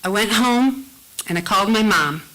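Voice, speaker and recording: A woman telling a heartfelt personal story to an audience at a live storytelling event, slowing down to lean on key phrases. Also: medium pitch, expressive, fairly bright tone, rough recording. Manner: heartfelt, slows for emphasis.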